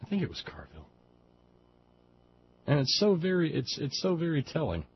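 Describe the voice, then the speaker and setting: A man's voice: fairly high pitch, wildly swooping pitch, normal speed. A man hosting a liberal talk radio show, delivering a folksy, digressive, impassioned political monologue. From West Virginia. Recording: dull lo-fi audio with faint background noise.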